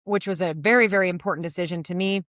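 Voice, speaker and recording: A woman's voice: fairly low pitch, fast talker, a bit bright, no echo, clean studio sound. A middle-aged woman hosting a podcast, talking candidly in a casual confessional monologue, swearing and laughing often. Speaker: podcast host.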